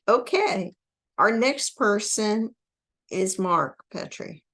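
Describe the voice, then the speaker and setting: A woman hosting a virtual poetry reading, introducing readers in a relaxed, friendly way. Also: mid-range voice, drawn-out words. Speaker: host. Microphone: video call.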